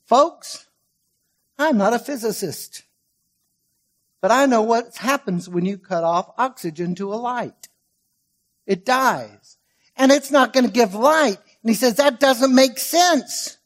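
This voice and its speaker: Male pastor, higher register, emphatic sermon delivery with dynamic swings and slow stressed words. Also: animated. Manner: emphatic, swings from loud stresses to quiet asides; stretches key words slowly for weight.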